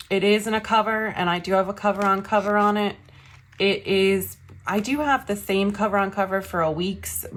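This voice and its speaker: A woman's voice: medium pitch, fairly bright tone. A young woman vlogger chatting casually as she shows her journals and planners. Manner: chatty, says "y'all". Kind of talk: casual show-and-tell.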